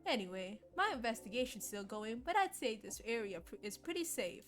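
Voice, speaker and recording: Friendly night-patrol officer, Southern drawl, played by a woman streamer, bright and lively. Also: fairly high pitch, brisk, soft background music. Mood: folksy. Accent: put-on American Southern. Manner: easygoing, drawling, folksy. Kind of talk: streamer voicing game dialogue.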